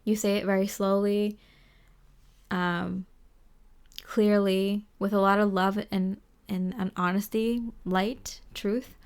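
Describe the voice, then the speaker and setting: A woman giving a tarot reading to the viewer, gentle and reassuring, rambling with lots of fillers. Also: medium pitch, level tone, slow, clean tone. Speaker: tarot reader. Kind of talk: casual spoken tarot reading.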